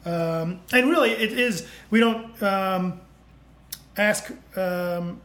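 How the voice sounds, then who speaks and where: A man's voice: high-pitched, drawn-out words, a bit bright. A man co-hosting a podcast, joking loosely and reading sponsor plugs in a casual chat. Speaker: podcast co-host.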